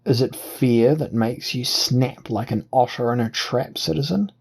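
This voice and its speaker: A man's voice: medium pitch, measured pace, gravelly, breathy edge. A man voicing a narrator in disguise as a common man, speaking in a wheedling whine. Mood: wheedling, defiant.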